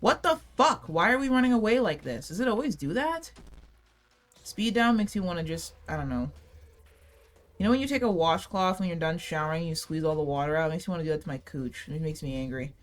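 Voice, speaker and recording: A woman's voice: lowish voice, expressive, fairly quick. Profane rambling woman gamer. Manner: rambling, profane, self-mocking. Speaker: gaming channel host. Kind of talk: casual gameplay commentary.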